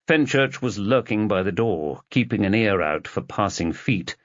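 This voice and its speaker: A man narrating an audiobook in a steady, measured storytelling voice. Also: fairly low pitch, no echo, dull audio.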